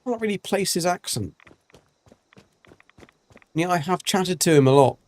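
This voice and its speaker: A man's voice: high-pitched, expressive, a little slow, darkish tone. Chatty man streaming a game. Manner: chatty, rambling, many ums and restarts. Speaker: gaming streamer. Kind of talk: casual gameplay commentary.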